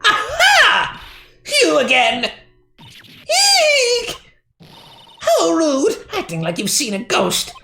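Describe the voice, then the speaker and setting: A woman voicing a fussy, rude old female security guard who speaks in a shrill, scolding way. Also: wildly swooping pitch, drawn-out words, creaky, pauses often, heavy background noise, full character voice. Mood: indignant. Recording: echoey room.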